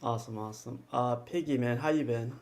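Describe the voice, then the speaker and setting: A man's voice: mid-range voice, quick pace, a little mellow. A man hosting a casual livestream chat, friendly and upbeat, laughing often. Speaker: host.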